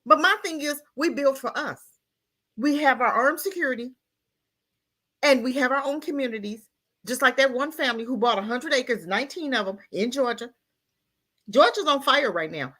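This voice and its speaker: A woman's voice: high-pitched, lively intonation, normal speed, pushed and bright. A woman co-hosting a talk radio show, speaking with impassioned emphasis and firing off rhetorical questions. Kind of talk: heated opinion talk.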